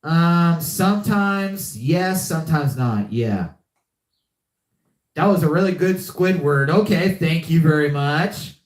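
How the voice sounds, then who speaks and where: His fairly high voice comes out at a slow pace, with noticeable reverb around it. He's a young podcast host doing a casual live stream, frequently repeating himself.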